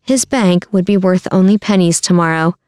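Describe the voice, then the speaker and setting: A woman reads a story aloud at a steady, measured pace. Her voice is smooth and resonant. The recording is close and dry. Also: lowish voice, no room sound. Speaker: narrator. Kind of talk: storybook narration.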